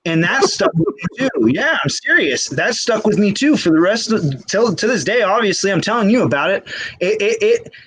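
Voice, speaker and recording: A man tells a long personal story in a candid, rambling way, starting phrases over and over. His voice sits a little high. The sound is dry and close, with no room echo. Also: sing-song, normal speed, fairly bright tone, husky. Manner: candid, rambling, frequent restarts. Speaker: guest. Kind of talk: casual storytelling. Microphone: phone.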